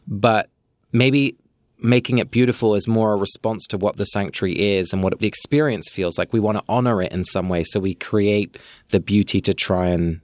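Male co-host, reflective and musing, slightly low voice, dry close sound. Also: moderate pace, dry recording. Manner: thoughtful, musing, hedging. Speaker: podcast co-host. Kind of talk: casual reflective discussion.

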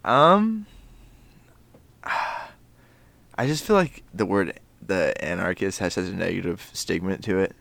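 Young man, laid-back podcast co-host, low gravelly voice, dry close recording. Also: animated, takes it slowly, pauses often, a bit bright, no room sound. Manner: laid-back, drawling, jokey. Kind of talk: casual chat.

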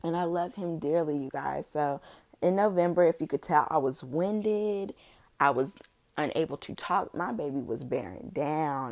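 A woman vlogging casually to her viewers as a new mother, heartfelt and rambling, with many fillers. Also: deep voice. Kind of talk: casual personal vlog talk to viewers.

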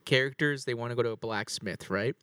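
A man's voice: mid-range voice, brisk, sharp tone, dry recording, studio quality. A man in a casual podcast chat, eager and hesitant, full of fillers.

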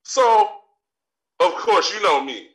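A man's voice: sits high, expressive, slow pace, fairly bright tone, exaggerated voice. A man playing a brash, cocky talk-show star who rants profanely, in a live comedic stage bit. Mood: swaggering rant. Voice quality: profane, swaggering delivery. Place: theater stage. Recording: distant live recording with crowd noise.

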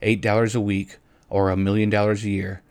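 Man reading as a quiet young husband, slow, calm, low and dry. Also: clear, resonant tone, no room sound, lightly acted. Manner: slow, measured.

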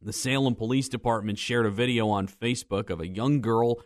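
A man reading the news on a morning radio show in the studio, with brisk, even delivery. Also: medium pitch, no echo. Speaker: news reader. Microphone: studio microphone.

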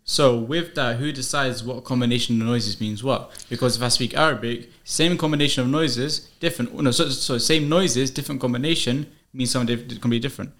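A man's voice: medium pitch, a little fast, few pauses, a bit bright. A man, a podcast host arguing his points in casual debate. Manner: argumentative, philosophising.

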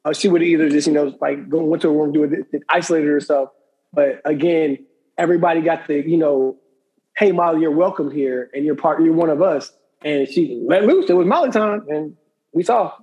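A man chatting over a video call, expressive and excitable, with plenty of swearing. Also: a little high, a little fast, muffled recording. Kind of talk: casual chat recapping a TV episode.

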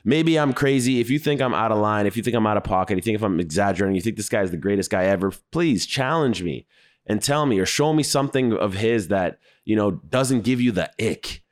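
A man's voice: on the low side, animated, brisk. A man giving casual reaction commentary on clips, talking bluntly and conversationally with frequent swearing.

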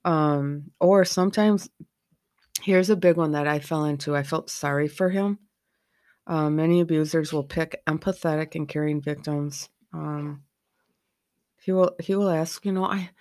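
Frank middle-aged woman, flat steady delivery. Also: deep voice, measured pace, no echo, studio quality. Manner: frank and candid. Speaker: podcast host. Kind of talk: candid personal podcast talk.

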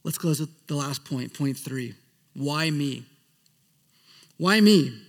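A man preaching a sermon as a pastor, earnest, often dropping to a soft hush at the ends of phrases. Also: medium pitch, steady tone, a little slow, big-room sound.

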